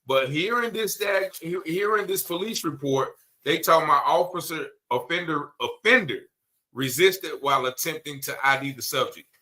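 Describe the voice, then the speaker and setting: A man's voice: on the high side, normal speed, bright, forceful tone. A man commenting on a video, emphatic and blunt, repeating his points with indignation.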